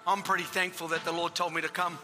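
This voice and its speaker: A man's voice: on the high side, flat delivery, fast, in a large hall. A man preaching an altar call in a church, exhorting people with repeated calls, recorded live at a service. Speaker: pastor. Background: worship music and congregation.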